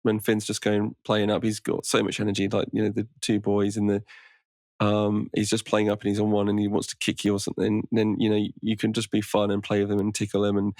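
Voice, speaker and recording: A man with a lowish, gravelly voice chats as a podcast guest. He talks in an easygoing, rambling way, restarting his sentences often. The recording is dry and close. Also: completely flat delivery, a little fast, a little mellow, no echo. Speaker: podcast guest, meditation teacher. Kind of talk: casual conversation.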